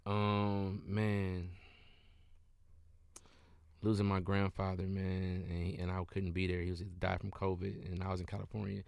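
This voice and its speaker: A man's voice: low voice, monotone, normal speed, creaky, a little mellow, no echo. A man from Detroit, a comedian guest in his thirties, talking in a laid-back, rambling way in a casual interview. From Detroit, USA. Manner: laid-back, rambling, says "you know what I'm saying" a lot.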